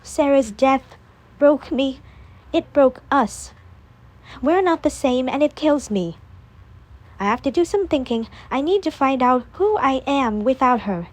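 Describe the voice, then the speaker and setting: A woman's voice: high voice, animated, a little slow. A woman voicing a grieving young woman rehearsing a farewell scene, in an earnest, pleading manner.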